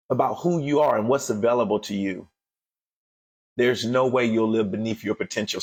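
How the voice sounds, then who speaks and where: A man's voice: mid-range voice, slightly rough. A man giving an emphatic motivational sermon as host of a daily show, repeating phrases as he builds to fervent calls to action.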